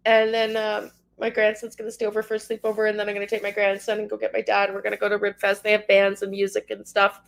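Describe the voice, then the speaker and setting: This middle-aged woman from Canada runs a tarot livestream, weeping and rambling as she talks to viewers by name in an emotional chat. She speaks fast with few pauses, in a mid-range, creaky voice and a completely flat delivery.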